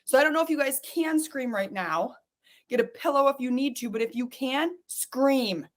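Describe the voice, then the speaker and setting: A woman's voice: sits high, moderate pace, noisy background. A woman hosting a podcast, leading listeners through a guided exercise with urgent, coaxing, repeated commands. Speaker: podcast host guiding listeners.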